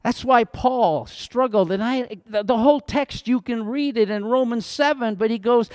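High-voiced male pastor preaching. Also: moderate pace, hardly any pauses, a little mellow, clear, resonant tone, dry recording, studio quality. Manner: earnest, conversational preaching with emphatic outbursts. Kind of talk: sermon.

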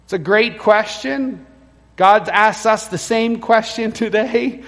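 A man's voice: sits high, takes it slowly, fairly bright tone. A male pastor preaching a sermon in a church, telling the story and acting out the quoted lines. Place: church sanctuary. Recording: long church reverb.

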